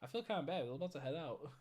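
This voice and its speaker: A man's voice: fairly high pitch, animated, fast talker, darkish tone. A tired man chatting casually on a live stream, rambling and swearing as he greets viewers. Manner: rambling, swearing, stumbles over chat names.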